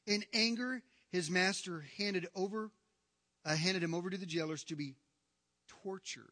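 A man preaching a sermon as pastor, emphatic, swinging from hushed lines to near-shouting. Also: sits high, normal speed, studio quality. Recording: long reverb of a large hall.

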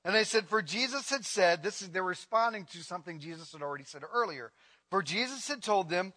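Male pastor, sermon delivery, bright and forceful, big hall reverb, swings loud to hushed. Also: animated, brisk. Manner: impassioned, swings from loud to low.

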